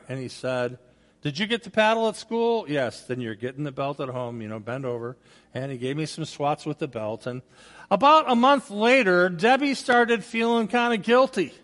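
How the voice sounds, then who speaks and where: Older man, guest preacher, higher-pitched voice, folksy storytelling, recorded in a church with a long echo. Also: a bit bright. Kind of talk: sermon. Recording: long reverb of a large hall.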